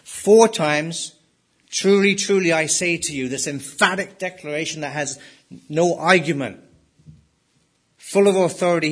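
A man preaching a sermon, emphatic, rising for stress and dropping low at the ends of points. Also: fairly bright tone, husky. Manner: emphatic, rises and drops sharply for stress. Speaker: pastor.

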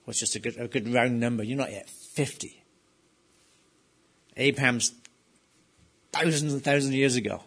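A man's voice: medium pitch, moderate pace, long pauses, slightly rough. Man preaching an emphatic sermon. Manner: emphatic, rising to loud stresses on key phrases; asks rhetorical questions to listeners. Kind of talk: expository sermon.

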